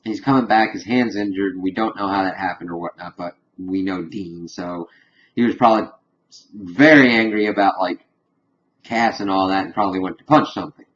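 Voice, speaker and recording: A TV episode reviewer with a somewhat low, slightly bright voice recaps an episode briskly but in a loose, rambling way. Casual fillers pack his retelling and he loses the thread now and then. The recording is dull and lo-fi, its top end rolled off.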